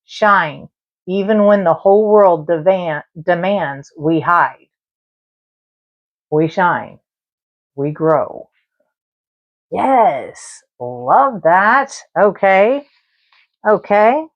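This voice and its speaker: A woman's voice: on the low side, lively intonation, extremely slow, long pauses, lo-fi sound. A woman hosting a spiritual live stream, chatting casually and talking straight to her viewers and the spirits. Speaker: live-stream tarot and spirit box host.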